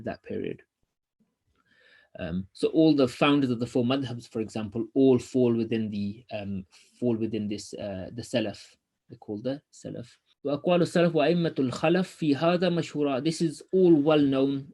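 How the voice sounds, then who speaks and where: In an online lesson, a man quickly reads passages from a religious text, then explains them loosely and hesitantly, with lots of ums. His voice is medium in pitch and a little mellow.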